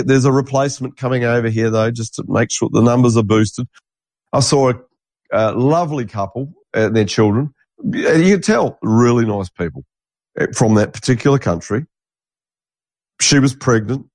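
A man's voice: fairly low pitch, a little mellow, no echo. An Australian man in an angry, rambling, conspiratorial monologue, swearing freely. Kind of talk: ranting monologue.

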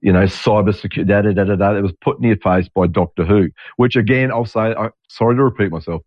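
A man's voice: lowish voice, fast. A man in his sixties hosting his own show in a rambling, digressive monologue, restarting sentences and swearing now and then. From Australia. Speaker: podcast host. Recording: dull lo-fi audio.

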